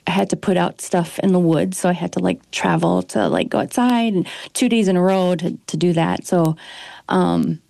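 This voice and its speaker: Gravelly low woman, rambling talk. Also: moderate pace, mellow, dry recording. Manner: rambling, hesitant, many fillers. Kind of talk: casual conversation.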